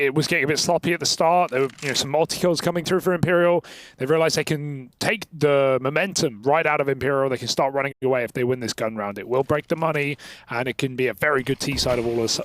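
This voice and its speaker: A man's voice: a little high, fast, a bit bright, slight background noise. A man casting a live esports match, dryly joking with his partners before turning to analysis. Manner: dry, joking, then analytical. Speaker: esports caster. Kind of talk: live match commentary with banter.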